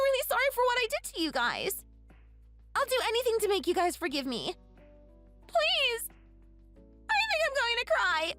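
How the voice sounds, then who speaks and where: A woman voices a whiny young woman with a very high, sharp and bright voice, who begs over and over for forgiveness. Her pitch swings widely as she pleads and apologises again and again. A sly schemer, she wheedles and pleads like a storybook text-message drama character. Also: heavily acted.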